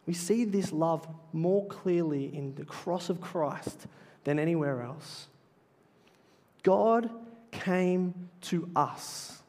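A man with a noticeably high voice delivers a sermon from the pulpit. He is earnest and emphatic, drawing out key phrases slowly for weight. His words ring out with a long, lingering reverb, as in a large church sanctuary. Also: darkish tone. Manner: earnest, emphatic preaching with slow deliberate phrases. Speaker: pastor.

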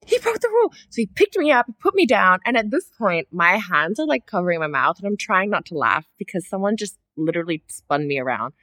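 Podcast co-host, female, lower register, dry close sound; animated storyteller who swears casually. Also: fairly quick, few pauses, no room sound. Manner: animated, swears freely, acts out her own reactions.

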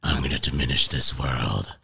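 A man voicing a deep, gravelly villain in the manner of a movie trailer, doing impressions on a casual podcast. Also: moderate pace, sharp tone, full character voice. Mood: menacing.

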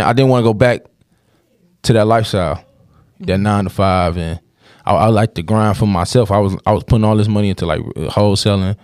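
A man's voice: on the low side, a little mellow, no room sound, clean studio sound. A man candidly telling a rambling personal story in casual podcast talk, with plenty of cursing.

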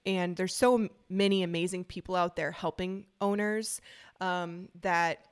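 A woman's voice: fairly low pitch, fairly even intonation, measured pace, smooth. A young woman, a dog trainer co-hosting a podcast, talking frankly and chattily with many fillers. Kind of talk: casual podcast chat.

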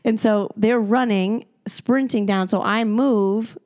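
Young woman co-host, lively, profane storyteller, laughs through the talk. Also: mid-range voice, slow pace. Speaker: podcast co-host. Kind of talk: casual comedic storytelling.

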